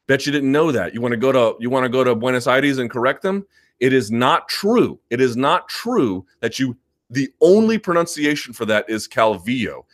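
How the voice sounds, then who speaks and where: A man's voice: mid-range voice, animated, moderate pace. A male host of a sports live chat, answering viewer comments in an emphatic, argumentative way and repeating his points.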